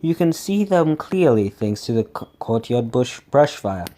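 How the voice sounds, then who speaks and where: A man's voice: medium pitch, very animated, measured pace, mellow. A man reading a text adventure aloud, often tripping over words and correcting himself, with joking asides. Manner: stumbling reading, frequent self-corrections. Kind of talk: casual read-aloud gameplay with asides.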